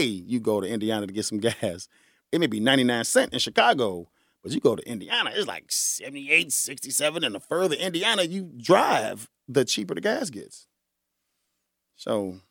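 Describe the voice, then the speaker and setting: Animated, joking man hosting a podcast. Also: medium pitch, dry recording, clean studio sound. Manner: animated and joking, laughs often, breaks into bits of song; folksy slang, addresses listeners as y'all. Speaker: podcast host. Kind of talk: casual solo podcast chat.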